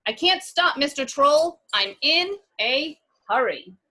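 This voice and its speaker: A woman's voice: high voice, animated, bright, forceful tone, voice pushed up, heavily acted. A woman doing a brave little storybook girl. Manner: brave, brisk.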